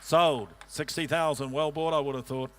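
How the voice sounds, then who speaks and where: A man working as an auctioneer, rattling off bids in a quick rhythmic chant and coaxing bidders. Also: on the high side, fairly even intonation, background noise. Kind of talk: livestock auction calling.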